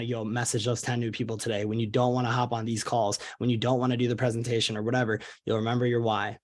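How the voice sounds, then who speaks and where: A young man leading a motivational team training call, talking in an earnest, energetic way with many fillers and restarts. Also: medium pitch. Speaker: network marketing leader.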